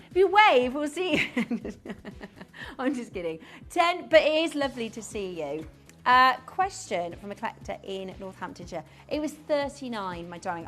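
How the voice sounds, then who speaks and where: A woman presenting live TV shopping in a studio, chatty and bubbly, with frequent giggles. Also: medium pitch.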